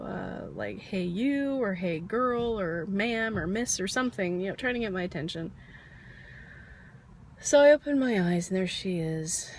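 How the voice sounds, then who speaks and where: Getting over a cold, a woman vlogs a rambling, candid story about herself, occasionally coughing and letting out soft, self-deprecating laughs. She has a fairly low-pitched voice, and there is slight background noise.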